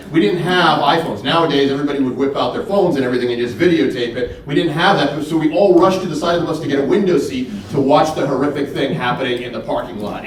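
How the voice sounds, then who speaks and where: A middle-aged man giving a faith-based keynote talk, telling stories in an earnest, emphatic way with repeated words. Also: fairly high pitch. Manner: earnest, storytelling, emphatic repetition. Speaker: keynote speaker. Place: church hall. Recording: echoey hall from far off.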